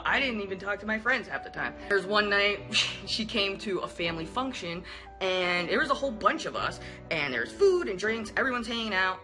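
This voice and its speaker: Bright-voiced young woman telling a story. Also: on the low side. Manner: candid, profane, animated retelling with acted-out quotes. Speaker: vlogger telling a personal story. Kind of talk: casual storytelling to camera.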